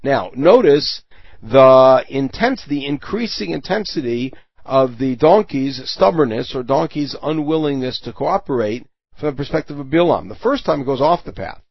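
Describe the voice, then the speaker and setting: A man's voice: medium pitch, expressive, moderate pace, creaky, no room sound. A man giving a Torah lesson, reading Hebrew verses and translating them line by line, with everyday examples. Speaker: Torah teacher. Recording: dull lo-fi recording.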